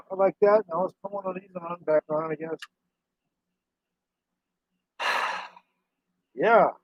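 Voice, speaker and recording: A man's voice: high-pitched, fairly even intonation, slow pace, long pauses, no echo. A man chatting casually on a live stream, rambling to his viewers and his dog. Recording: dry, dull lo-fi sound.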